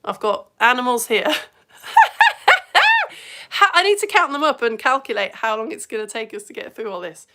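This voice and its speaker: Excitable woman streaming live. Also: moderate pace, pauses often, a little hiss or hum. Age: adult parent. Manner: excitable, chatty, with big swings in pitch and loudness. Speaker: live-stream educator reading chat comments.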